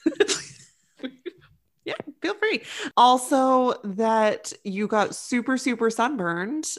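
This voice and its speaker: A woman's voice: on the high side, animated, slow. A young woman co-hosting a podcast, teasing a friend in casual chat and often breaking into giggles. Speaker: podcast co-host.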